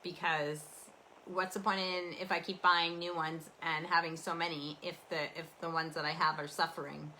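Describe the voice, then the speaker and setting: A woman's voice: sits low, flat delivery, moderate pace, sharp tone, slight background noise, rough recording. A Canadian woman hosting a casual rambling chat, talking in a meandering, chatty, self-deprecating way. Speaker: host.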